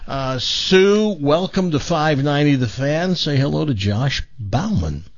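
A man's voice: a little high, expressive, unhurried, no room sound, highs cut off. A man hosting a radio talk show, cracking puns and taking calls. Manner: joking, punning. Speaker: radio host. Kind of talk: casual radio chat.

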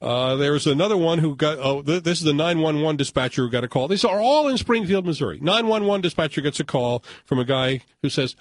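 Chuckling older radio host. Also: male voice, fairly high pitch, expressive, fairly quick, hardly any pauses, no echo. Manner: chuckling, puts on voices for quoted callers. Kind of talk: casual radio banter and storytelling. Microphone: studio microphone.

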